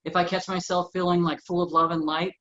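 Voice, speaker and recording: Fast-talking eager woman co-host. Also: on the low side, level tone, a bit bright. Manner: quick, eager, with repeated restarts. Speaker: co-host of a spiritual podcast. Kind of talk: casual chat. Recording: slightly muffled sound.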